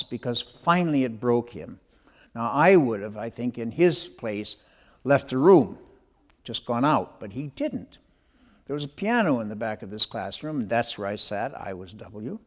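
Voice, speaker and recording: Older male author, memoir storytelling; animated delivery, moderate pitch with a wide, lively range.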